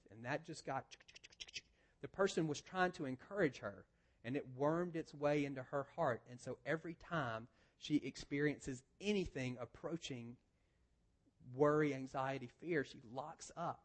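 A male pastor delivering a sermon at a medium pitch. He talks conversationally, often restarting a phrase before pressing the point home. His volume drops for quiet asides and rises for emphasis. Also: normal speed.

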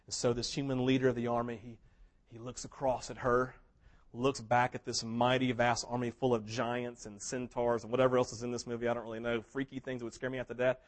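A man preaching a sermon, telling a story with big swings between loud, excited passages and hushed ones, sometimes acting out what characters say. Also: mid-range voice, a little fast. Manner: mimics characters in quoted asides. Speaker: pastor.

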